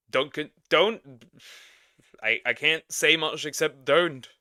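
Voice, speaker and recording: Man, smooth crisp voice, dry recording, casual reaction talk, halting, slangy, repeats himself. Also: fairly high pitch, bright, forceful tone, no echo. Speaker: streamer reacting to a video.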